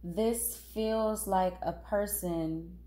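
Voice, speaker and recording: A woman with a cold giving a casual tarot reading, talking unhurriedly with pauses and fillers. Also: mid-range voice, steady tone, warm tone. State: has a cold, sniffling. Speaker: tarot reader.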